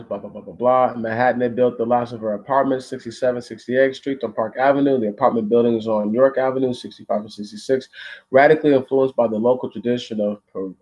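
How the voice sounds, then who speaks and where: Man, channel host, reads a text aloud, halting, blunt profane commentary, mid-pitched voice. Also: a little mellow, lo-fi sound. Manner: blunt and profane, stops often to rant.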